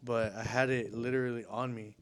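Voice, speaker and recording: A man's voice: mid-range voice, flat delivery, fairly quick. A man telling a story in casual chat, slangy and profane.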